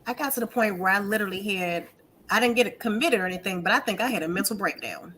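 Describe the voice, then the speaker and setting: A woman with a bright, forceful voice gives emphatic personal testimony. She repeats key phrases to drive them home. There is a faint noise floor. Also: medium pitch, fast. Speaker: guest panelist. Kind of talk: personal testimony in a panel discussion.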